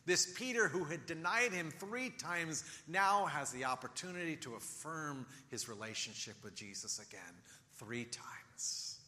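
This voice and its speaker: A man preaching a sermon, telling the story with animation and acting out quoted lines in a soft, low voice. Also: lively intonation, moderate pace, hardly any pauses, long reverb tail. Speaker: pastor.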